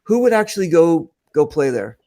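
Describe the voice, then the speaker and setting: A man's voice: fairly high pitch, sing-song, moderate pace, warm tone. A man hosting a casual chat, talking loosely and thinking aloud with asides.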